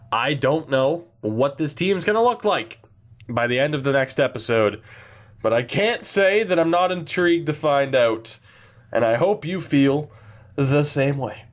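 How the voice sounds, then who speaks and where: A young man giving casual, blunt and sarcastic commentary while thinking aloud through a hockey management game. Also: medium pitch. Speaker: gaming channel host.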